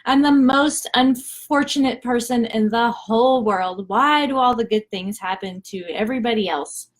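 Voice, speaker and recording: A man's voice: extremely high pitch, normal speed. A woman quoting a lost, miserable young boy who whines and complains about his bad luck. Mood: self-pitying.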